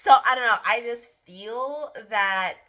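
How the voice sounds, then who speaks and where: A woman's voice: on the high side, a little slow, pushed and bright, rough recording. A woman book vlogger with a congested, stuffed-up voice, chatting candidly to camera. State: congested from the flu. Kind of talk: casual chat to camera.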